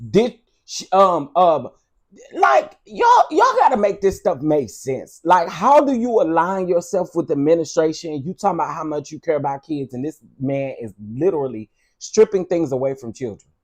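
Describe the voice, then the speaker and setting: A man's voice: a little high, sing-song, moderate pace. A man hosting a video, ranting in a casual commentary style, sassy, blunt and profane, talking straight to his viewers. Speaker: vlog host.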